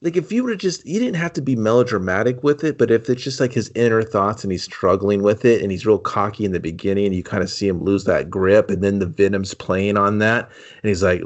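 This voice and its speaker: A man with a fairly low voice talks loosely with a friend about a film. He jokes freely and drops into quick, offhand impressions of the characters. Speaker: podcast co-host. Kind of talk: casual movie review chat.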